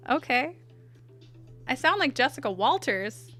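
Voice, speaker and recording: A woman's voice: medium pitch, moderate pace, bright, forceful tone, no echo, faint music behind. A woman streaming while she draws, chatting casually, reading her chat aloud and answering it with self-deprecating asides. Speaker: art streamer.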